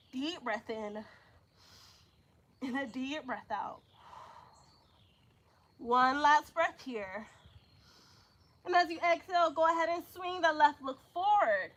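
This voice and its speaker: Young woman, high voice, a little out of breath, calm yoga cues, casual asides. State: slightly out of breath. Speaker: yoga instructor. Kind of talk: live yoga class instruction.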